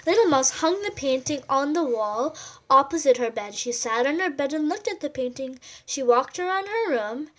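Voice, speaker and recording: Animated woman reading a picture book. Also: high voice, normal speed. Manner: animated, adds chatty comments on pictures. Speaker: storyteller.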